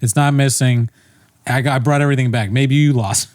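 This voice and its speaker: A man's voice: mid-range voice, fairly even intonation, fairly quick, a little mellow. Laughing, swearing man telling a story. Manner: rambling storyteller, swears a lot, laughs at himself. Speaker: podcast co-host. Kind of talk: casual comedic podcast chat.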